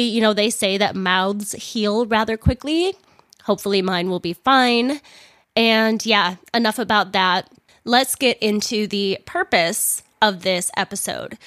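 A woman's voice: medium pitch, fairly bright tone, no echo, clean studio sound. A young woman hosting a podcast and telling a story in a candid, chatty way. She laughs often, swears casually and talks stiffly around a sore upper lip. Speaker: podcast host.

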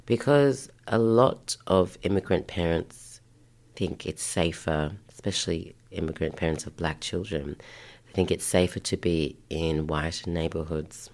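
A woman chatting as an interview guest, telling stories with lively acted-out voices. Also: a bass voice, unhurried. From Australia, of Haitian parents. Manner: lively storyteller who acts out voices. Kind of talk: casual interview chat.

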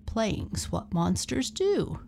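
A woman voicing a friendly, kind young monster in a storybook reading, with warm, coaxing invitations. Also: medium pitch, big pitch swings, slow pace, gravelly, slight background noise, pitched above the performer's own voice, full character voice.

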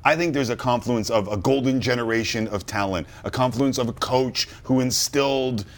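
A man hosting a sports panel show, animated and conversational, who often says "like". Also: mid-range voice, moderate pace. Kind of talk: studio panel discussion.

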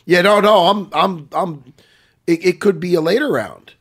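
A man hosting a casual fight-pick chat, swinging between mumbles and loud outbursts. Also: sits high, moderate pace, husky. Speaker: podcast host.

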